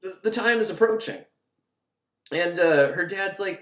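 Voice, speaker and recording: A man's voice: high-pitched, animated, unhurried, long pauses, a bit bright. A man casually and sarcastically recapping an old film, swearing and laughing, in an echoey room.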